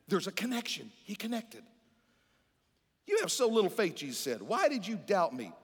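A male pastor preaching a sermon, calling out questions to the congregation and swinging between loud emphatic lines and hushed ones. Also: sits high. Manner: preaching with call-and-response to the congregation. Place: large church hall. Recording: long reverb of a large hall.

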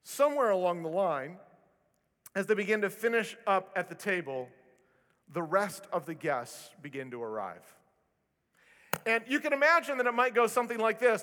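A male pastor preaching a sermon, telling stories with animated delivery and self-deprecating humor. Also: high voice. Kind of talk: sermon with storytelling. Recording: long reverb of a large hall.

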